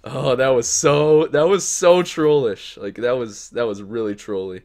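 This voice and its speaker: Young guy streaming pack openings, hyped, talks to his cards, goes from quiet mumbling to loud yelling. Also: mid-range voice, measured pace, vocal fry. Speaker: streamer opening game card packs. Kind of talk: excited live-stream commentary.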